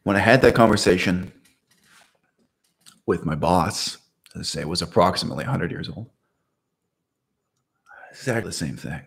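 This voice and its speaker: A man's voice: low-pitched, expressive, normal speed, gravelly, pauses often, breathy edge. A man talking to camera in a casual, unscripted monologue, rambling with restarts and asides. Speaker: video essayist.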